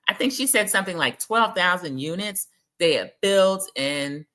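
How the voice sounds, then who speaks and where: Gossipy woman recapping reality tv, low-ish voice but sharp and bright, chatting to her viewers. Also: lively intonation, normal speed. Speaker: TV recap host. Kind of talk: casual reality-TV recap commentary.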